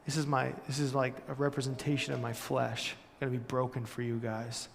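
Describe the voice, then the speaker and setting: A man voicing a calm, loving figure who speaks quietly and tenderly to his friends. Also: medium pitch, a little fast, vocal fry, voice pushed down, lightly acted. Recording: long church-hall reverb.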